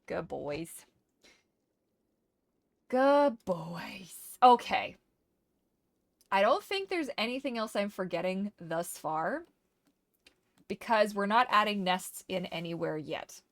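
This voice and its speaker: A gaming streamer chats casually as she plays, now and then switching to doting baby talk aimed at her dog. Her voice is medium-pitched, with no echo.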